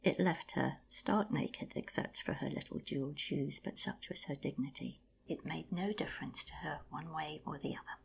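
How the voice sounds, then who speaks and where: A woman tells an old myth in a low, hushed half-whisper. Her voice is deep, breathy and husky, with a gravelly rasp. She narrates slowly and intimately. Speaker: storyteller. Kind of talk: oral storytelling of a myth.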